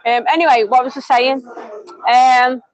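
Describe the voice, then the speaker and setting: A woman with a high voice, chatting casually on a live stream. She rambles from one thing to the next, fills gaps with "um" and "like", and restarts her sentences. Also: fairly even intonation, measured pace, dry recording, dull audio. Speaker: vlogger.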